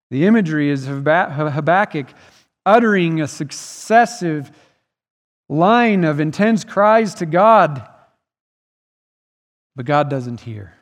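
A man preaching a sermon as pastor, earnest and emphatic, his voice swelling and dropping in volume. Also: on the high side. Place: church sanctuary. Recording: long reverb of a church hall.

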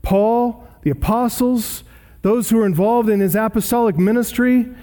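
At a normal speed, a male pastor with a high, warm voice delivers an emphatic, earnest expository sermon. He reads scripture aloud, and long hall reverb carries his words.

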